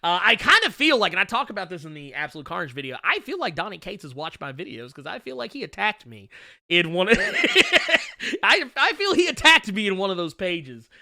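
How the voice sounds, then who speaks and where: A man hosting a comics livestream, chatting casually through viewer questions, joking and bursting into loud laughter. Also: high-pitched, huge pitch swings, fairly quick, dry recording, studio quality.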